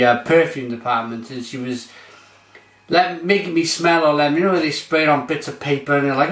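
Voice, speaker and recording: A man's voice: medium pitch, a bit bright, roomy sound. A man reviewing beer on his vlog, gushing and exclamatory as he describes it.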